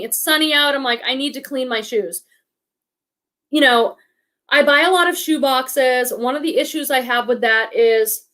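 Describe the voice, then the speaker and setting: A woman's voice: high-pitched, a bit bright. A woman in her forties hosting a casual live stream, chatting and reading out viewer comments, thinking aloud with many restarts. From Boston area, USA. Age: 40s. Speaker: reselling livestream host.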